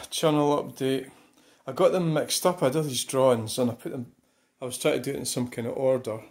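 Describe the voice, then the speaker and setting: A man's voice: mid-range voice, fairly even intonation, moderate pace, a little mellow. An older man with a Scottish accent giving a casual, rambling channel update, muttering and swearing bluntly.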